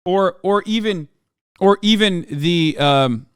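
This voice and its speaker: A man streaming live, ranting at his chat with heavy profanity and sudden bursts of yelling. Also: high-pitched, slow pace, clear, resonant tone, no echo, clean studio sound.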